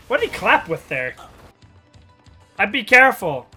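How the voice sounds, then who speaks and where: Male reaction host, high and animated, unhurried delivery, casual and profane. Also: breathy edge, faint music behind. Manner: excitable, swears freely, frequent laughter. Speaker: anime reaction channel host.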